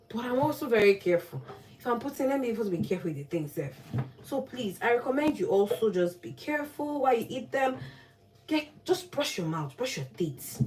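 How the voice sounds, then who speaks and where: Chatty Nigerian woman, tired, mic at a distance. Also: medium pitch. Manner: chatty, earnest, advice-giving, wordy and repetitive. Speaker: cooking vlogger. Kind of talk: casual chat while chopping vegetables. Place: home kitchen. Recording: distant mic, faint background noise.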